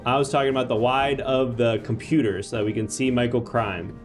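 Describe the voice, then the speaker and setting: A man's voice: medium pitch, fairly even intonation, faint music behind, lightly acted. A man playing a chatty courtroom judge who hosts a live comedy stream and thanks viewers. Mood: upbeat. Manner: brisk, thanks viewers, reads chat. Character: male courtroom judge, chatty show host.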